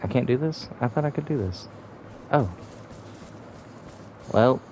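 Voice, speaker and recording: A man's voice: mid-range voice, expressive, unhurried, darkish tone, slight background noise. A young man streaming a game, giving laid-back casual commentary and humming between remarks.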